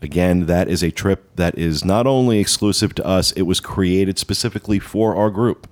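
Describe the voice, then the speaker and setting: Male podcast host, very low voice, casual rambling promo chat. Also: moderate pace, darkish tone. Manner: rambling, many uh fillers, upbeat promo talk.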